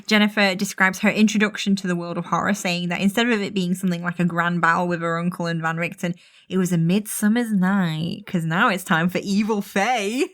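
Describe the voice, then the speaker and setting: A woman's voice: lowish voice, fairly even intonation, brisk, a bit bright. A woman hosting a casual podcast, retelling a story between frequent laughs and fillers. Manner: giggly, many fillers. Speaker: podcast host. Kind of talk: casual chat, retelling lore.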